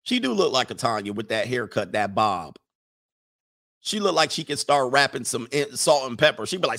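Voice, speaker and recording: A man, riffing in casual comedic commentary with animated, laughing, slangy storytelling. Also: medium pitch, moderate pace, creaky. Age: 40s.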